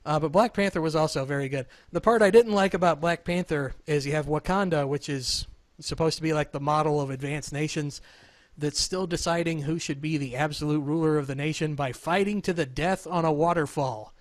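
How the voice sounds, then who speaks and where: Over a video call, a thirty-something man hosts a relaxed podcast, cracking jokes, wandering off topic and making self-deprecating remarks. His voice leans high and brisk, and the recording is dry.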